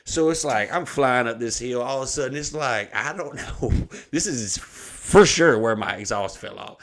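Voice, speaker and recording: A man's voice: mid-range voice, normal speed. A man telling a rowdy story on a podcast, swearing freely and breaking into laughter. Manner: animated, swearing, bursts of laughter. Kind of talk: casual profane storytelling.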